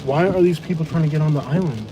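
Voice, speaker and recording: Blunt, excitable male storm vlogger with a high voice, riding in a truck with rain faintly behind him. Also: quick pace, muffled recording. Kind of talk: live storm commentary. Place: inside a truck during a hurricane. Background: rain and wind.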